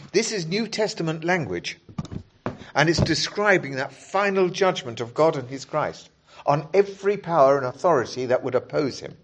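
A man preaching a sermon, explaining scripture in a measured, earnest way and reading passages aloud to the congregation. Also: a little high, expressive, slight background noise.

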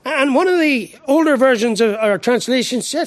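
A man's voice: extremely high pitch, animated, moderate pace, few pauses, no echo. An Irish man preaching a sermon, emphatic, asking rhetorical questions and often repeating his first word as he restarts. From Ireland.

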